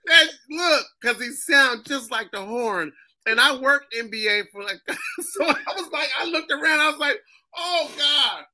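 Brief: comedian guest, male, from Massachusetts, very bright voice, lively storytelling in casual chat. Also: extremely high pitch, moderate pace. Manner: animated storyteller, acts out other people's voices.

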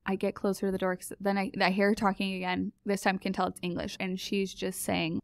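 A woman telling a personal story as a podcast guest, chatty and animated and laughing often. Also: medium pitch, a little fast, vocal fry, hardly any pauses, no echo, studio quality. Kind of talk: casual storytelling.

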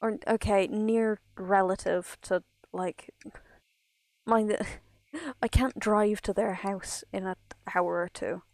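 A woman from Ireland chatting loosely over a game stream, wandering from point to point with plenty of "like" asides. Her delivery is unhurried and carries a gravelly, fry-tinged texture, heard in a dry, close space. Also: mid-range voice, a little mellow, no echo. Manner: rambling, chatty, many "like" asides. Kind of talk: casual chat while gaming.

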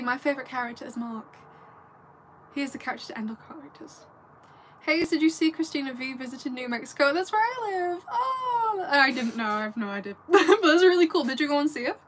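A woman's voice: sits high, a bit bright, slight background noise. Chatty giggly English woman streamer. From north of England. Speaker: livestreamer. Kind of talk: casual livestream chat answering viewers.

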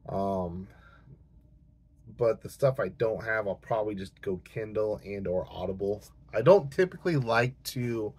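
A man's voice: fairly low pitch, darkish tone, breathy edge. A man hosting a book channel, talking casually to camera in a rambling, hesitant way with many fillers and restarts, and he has the hiccups.

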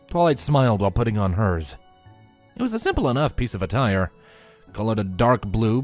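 A man reading a fanfiction story aloud in a slow, measured, expressive storybook narration. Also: on the low side. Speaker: fanfiction reader. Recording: dry close voice with faint music.

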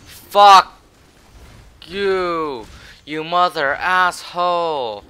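A man commentating his own match, swearing and swinging from low muttering to shouted taunts. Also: expressive, a little slow, smooth. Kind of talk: raging gameplay commentary.

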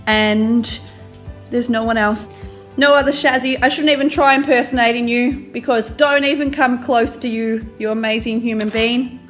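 A woman's voice: on the high side, steady tone, normal speed, a bit bright, faint music behind. A woman, gushing with affection in a casual birthday video message.

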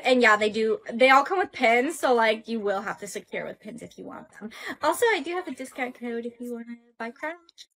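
A woman's voice: on the high side, a bit bright. A young woman content creator gushing in a chatty, casual way as she shows off products into a phone mic.

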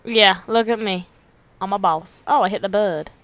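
A young woman giving casual, excitable gameplay commentary, swearing freely and talking to the characters on screen. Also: medium pitch, moderate pace, dry recording. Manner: excitable, swears a lot, talks to the game characters. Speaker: let's play host.

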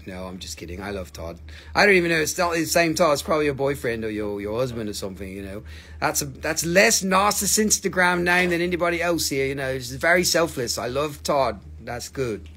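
A man's voice: a little high, brisk, vocal fry, sharp tone. A man hosting a live crystal sale, chatting casually, teasing viewers and swearing freely. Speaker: livestream crystal seller. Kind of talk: casual live sales chat.

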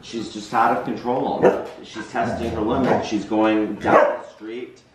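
A man telling a lively everyday story in a casual home chat, laughing along as he goes. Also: on the low side, measured pace, roomy sound, a little hiss or hum. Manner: animated anecdote-telling with laughs. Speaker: vlogger's partner.

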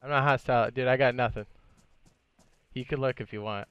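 A man giving live, excitable commentary while streaming a game, swearing and laughing often. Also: mid-range voice, brisk, clear, resonant tone, dull audio.

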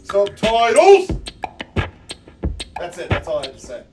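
A man's voice: a little high, very fast, recorded from a distance. A man co-hosting a casual stream, blunt and opinionated, sometimes mimicking voices. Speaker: co-host. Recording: off-mic with hip hop music.

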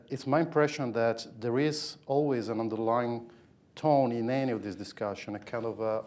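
A man from Italy speaking as a panelist in a policy discussion, talking in a measured, thoughtful way with frequent fillers. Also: on the low side, darkish tone.

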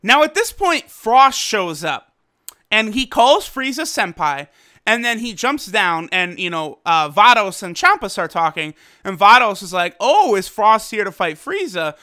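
Male reviewer, casual and excitable; high, crisp voice. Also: unhurried. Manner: excitable, loose slang, lots of fillers. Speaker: anime episode reviewer. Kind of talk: casual commentary.

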